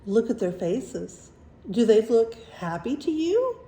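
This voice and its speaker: Gentle woman story reader for children; mellow, animated, unhurried. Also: on the high side. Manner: gentle, questioning, engaging. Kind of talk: reading aloud to children, asking questions. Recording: roomy echo.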